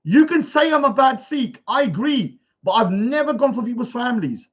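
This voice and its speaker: A man's voice: very high voice, animated, moderate pace, husky, muffled recording. A man ranting on a livestream, reading out comments and rebutting them with indignation. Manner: indignant, reads comments aloud then rebuts. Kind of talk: casual livestream rant.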